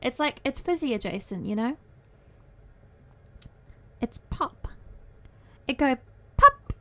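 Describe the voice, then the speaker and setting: A woman's voice: high voice, lively intonation, slow. A young woman livestreamer chatting casually with her viewers from her desk at home, playful and giggly, with cutesy baby-talk phrasing. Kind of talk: casual chat with stream viewers.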